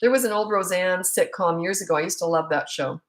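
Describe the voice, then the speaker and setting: Speaking a little fast in a lower register, a middle-aged woman who coaches parents fields questions casually. She's blunt, jokes around and wanders into asides, and the room gives her voice an echo.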